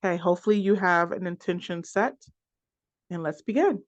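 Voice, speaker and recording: Financial coach, class lecture, halting, restarts and repeats words, dull lo-fi sound. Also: medium pitch. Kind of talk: class lecture working through a list of points. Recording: dull lo-fi recording.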